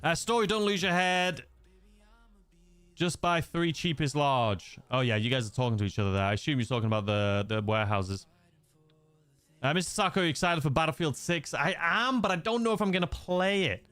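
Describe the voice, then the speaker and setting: A man's voice: on the high side, animated, a little fast, fairly bright tone, clear, resonant tone, soft background music. A young man from England with a mixed, slightly Scouse-leaning accent, chatting casually as a gaming livestream host, rambling with many fillers and restarts. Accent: mixed English, slightly Scouse-leaning. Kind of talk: casual livestream chat reading viewer messages.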